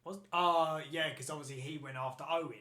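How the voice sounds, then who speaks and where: A man hosting a podcast in excitable casual chat, swearing freely and rambling. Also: a little high, brisk. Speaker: podcast host.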